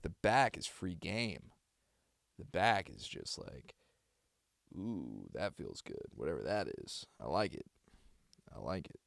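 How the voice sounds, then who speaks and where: A man's voice: deep voice, creaky, no echo, studio quality. A man, a voice actor, chatting with his stream viewers in a loose, rambling way. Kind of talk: casual live-stream chat.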